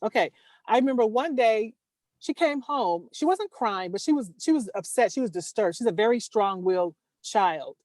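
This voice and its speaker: A woman telling a personal story over a video call, earnest and halting, restarting her sentences. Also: on the high side, lively intonation, a little mellow, dry recording. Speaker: caller sharing a story.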